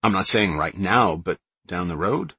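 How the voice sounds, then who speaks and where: A man's voice: low voice, expressive, unhurried, pushed and bright, slightly rough, no echo, full character voice. A man reading an eager young man who asks earnest, hesitant questions, in an audiobook.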